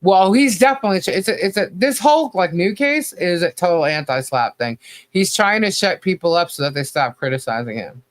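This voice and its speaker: His voice sits high, with lively intonation and a slightly fast pace, and there's no room sound. As podcast co-host, he offers critical commentary in a rambling, blunt rant studded with "you know" and easygoing profanity.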